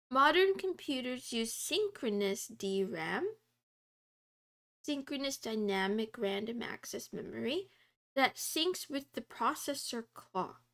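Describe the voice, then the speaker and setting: Soft high-voiced woman streamer, giggly. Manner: giggly, soft, drifts into quiet meowing. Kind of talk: casual livestream chat, reading chat and study notes aloud.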